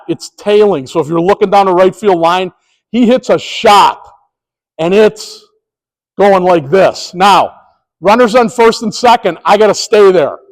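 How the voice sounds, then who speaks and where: A man training sports officials, telling a story in an animated way and acting out the scenes. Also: sits high, rough recording. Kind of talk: storytelling presentation.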